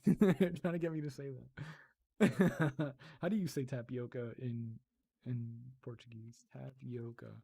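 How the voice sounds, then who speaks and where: A man chatting casually on a livestream, giggling and slowly sounding out foreign words. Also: medium pitch, steady tone, vocal fry, mellow, husky. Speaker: streamer.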